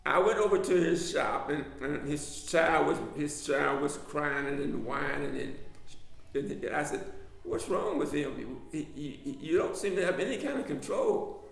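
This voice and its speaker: A man who teaches drama telling a personal story, halting and repeating words as he goes. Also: a little high, creaky, echoey room. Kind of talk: anecdotal storytelling.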